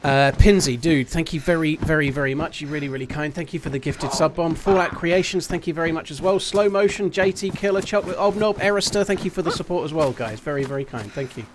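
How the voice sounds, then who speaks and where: A man's voice: fairly high pitch, fast, few pauses, noisy background. A man chatting casually on a live game stream at home, swearing freely and thanking his supporters. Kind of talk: casual live-stream chat while gaming.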